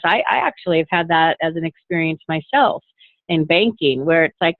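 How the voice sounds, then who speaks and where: A woman's voice: fairly low pitch, animated, brisk, no echo. A woman hosting a webinar, friendly and agreeable as she reads out attendee questions. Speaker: webinar host. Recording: tinny phone-like call audio, dry.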